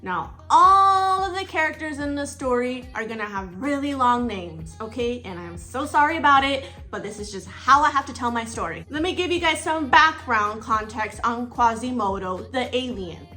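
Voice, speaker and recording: A woman's voice: sits high, pushed and bright. A woman casually retelling a storytime while getting ready, playful and coy, spelling out words and giving everyone silly code names. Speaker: storyteller vlogger.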